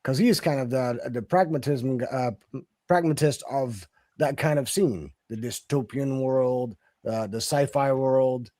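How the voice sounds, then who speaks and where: A man calling into a casual live discussion, relaxed and chatty, quick to laugh. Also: medium pitch. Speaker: caller.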